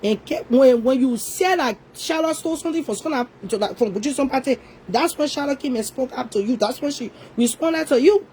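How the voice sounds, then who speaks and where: Woman, high voice; confrontational online rant, scolding and repetitive. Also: darkish tone, breathy edge, poor audio. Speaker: online commentator. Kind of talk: ranting social media commentary.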